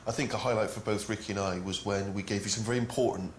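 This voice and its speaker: A man's voice: lowish voice, fairly even intonation, fast talker, roomy sound, a little hiss or hum. A man asking dry interviewer-like questions in a casual comedy chat. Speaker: comedy commentary host.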